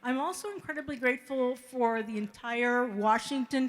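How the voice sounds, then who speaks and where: A middle-aged woman with a fairly high voice gives an emotional speech at a wedding reception as the bride's mother. She talks haltingly, repeating words as she expresses deep gratitude. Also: a little hiss or hum.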